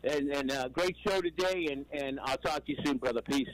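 A man's voice: mid-range voice, a little fast, dry recording, rough recording. A man in his sixties from New York calling in to a sports radio show. He rambles emphatically and often repeats himself. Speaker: caller. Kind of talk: call-in radio chat.

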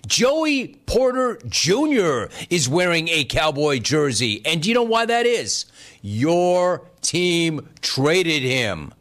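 A sports talk host with a fairly high voice riffs sarcastically on the news. He laughs often and teases fans, and his delivery stays animated. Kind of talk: casual sports talk, reading chat.

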